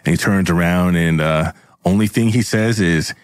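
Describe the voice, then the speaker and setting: A man's voice: low-pitched, normal speed, no room sound. A man running an improvised tabletop game on a podcast, rambling with fillers and laughing often. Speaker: game master.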